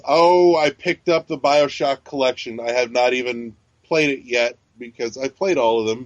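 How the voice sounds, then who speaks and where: A man's voice: medium pitch, no room sound. Profane, rambling man on a lo-fi mic. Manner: chatty, profane, frequent fillers and restarts. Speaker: podcast co-host. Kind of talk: casual chat. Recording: dull, lo-fi sound.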